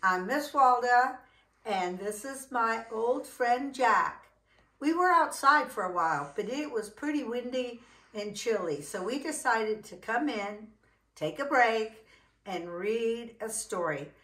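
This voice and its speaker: A woman reading a children's picture book aloud, with lively, drawn-out delivery. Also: a little high, echoey room. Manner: animated, drawn-out, voices for characters. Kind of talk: children's storybook read-aloud. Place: indoors at home.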